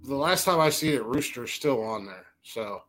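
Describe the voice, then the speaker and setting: A man in a loose podcast chat, his voice at an ordinary middle pitch. He stumbles and restarts his sentences, drops the odd curse and keeps things laid-back. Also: animated, a bit bright. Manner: halting, restarts often, casual swearing. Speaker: podcast co-host. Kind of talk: casual chat.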